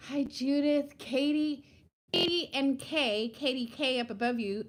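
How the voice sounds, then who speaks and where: A woman in her fifties, her voice sitting a little high, chats on a home live stream. She greets viewers warmly by name and gushes along as she tells a story. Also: expressive, a little slow, low-quality recording. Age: 50s. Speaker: vlogger hosting a live stream.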